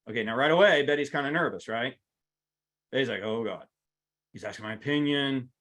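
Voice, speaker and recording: A man's voice: mid-range voice, brisk, pauses often, a bit bright. A man teaching a live workplace seminar, talking straight to the audience with playful asides. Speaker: workplace trainer.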